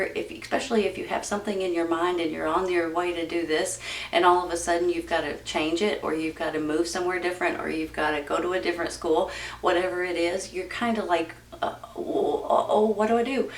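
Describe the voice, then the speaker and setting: Woman tarot reader, low and gravelly, rambling and reassuring, recorded off-mic in an echoey room. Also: distant mic, slight background noise. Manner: chatty and reassuring, addresses viewers directly; loose and rambling with many "um"s. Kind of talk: casual tarot card reading. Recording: roomy echo, voice from off-mic.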